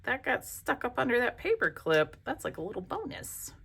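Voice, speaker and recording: A woman's voice: fairly high pitch, wildly swooping pitch, moderate pace, vocal fry, a bit bright, slight background noise. A woman from the South, hosting a casual crafting vlog in a chatty, gushing, self-deprecating way. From American South. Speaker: craft channel host.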